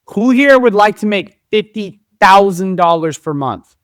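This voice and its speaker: A man's voice: high-pitched, expressive, measured pace, fairly bright tone, dry recording. A man hosting a livestream interview, upbeat and speaking straight to the live chat. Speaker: host.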